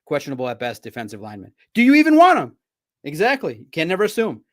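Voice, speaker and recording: A man hosting a live sports talk stream, talking straight to his viewers in a playful, animated way. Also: on the high side, fast talker.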